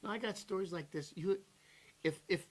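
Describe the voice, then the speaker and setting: A man's voice: high-pitched, normal speed. A man in his sixties, an actor telling rambling, profane anecdotes in a casual interview. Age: 60s. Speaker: actor guest.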